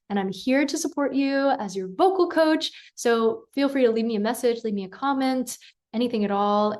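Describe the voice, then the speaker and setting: The voice, fairly high in pitch, belongs to a woman vocal coach giving a singing lesson. She's calm and encouraging and demonstrates by breaking into sung syllables.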